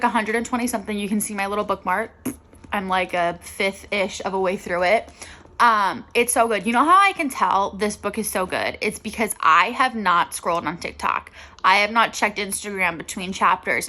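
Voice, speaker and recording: A woman's voice: mid-range voice, a bit bright. A woman in her twenties chatting casually to camera at home in a vlog, giggly and full of "like". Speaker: vlogger. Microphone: handheld camera.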